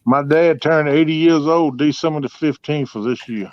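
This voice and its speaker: A man's voice: on the high side, normal speed. A man, telling heartfelt stories in a folksy, drawling way during a casual chat. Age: 50s. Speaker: host. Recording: dull lo-fi sound, dry.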